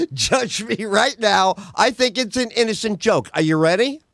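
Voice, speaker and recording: A man hosting a podcast as a comedian, telling jokes in an energetic, animated way and laughing at his own bits. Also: high-pitched, slow pace, vocal fry, no room sound, clean studio sound.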